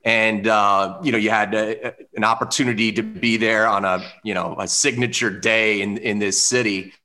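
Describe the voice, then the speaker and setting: Bright-voiced male sports interviewer. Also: fairly low pitch, fairly even intonation, normal speed. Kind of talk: conversational interview questions.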